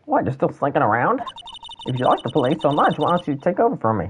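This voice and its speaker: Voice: mid-range voice, very animated, fast, a little hiss or hum, natural voice. A streamer voicing a cranky old female security guard, grumbling and ranting while reading game dialogue aloud.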